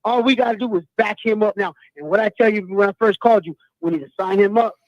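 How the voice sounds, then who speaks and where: A high-voiced middle-aged man calls in from the US West Coast and rants loud and slangy. His voice comes over a dry phone line with no room sound around it. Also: quick pace, no echo. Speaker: caller. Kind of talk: call-in fan rant.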